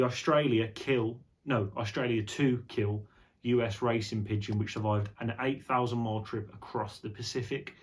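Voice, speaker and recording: A young man chatting casually on an unscripted vlog, rambling and jokey, with some swearing. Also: mid-range voice. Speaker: vlogger.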